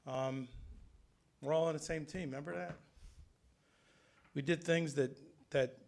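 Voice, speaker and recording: A man's voice: a little high, steady tone, a little slow, creaky, a little mellow. A man on a town council giving heartfelt farewell remarks to colleagues at a public meeting, speaking earnestly and conversationally. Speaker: council member.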